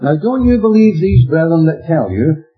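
Man, preacher, husky voice, lively swooping pitch, emphatic, dull lo-fi recording. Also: normal speed. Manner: emphatic, rhetorical questions, plain-spoken. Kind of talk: expository Bible teaching. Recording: dull lo-fi recording with faint music.

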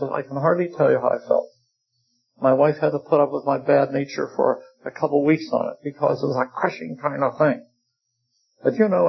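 A man's voice: mid-range voice, gravelly, slight background noise. An older man preaching a sermon in a folksy, wry way, with humorous asides about his seminary teaching. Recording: dull lo-fi recording.

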